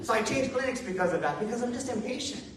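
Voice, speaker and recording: Male preacher, high register, loose and self-mocking, heard far off in a very echoey hall. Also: animated, quick pace. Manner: casual, self-deprecating, chuckling asides. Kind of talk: conversational sermon. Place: church hall with a congregation.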